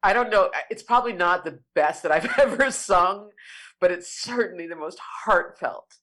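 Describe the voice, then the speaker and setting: A woman who is a singer, speaking as an interview guest and telling a heartfelt personal story, expressive and lingering on words. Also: fairly low pitch, normal speed.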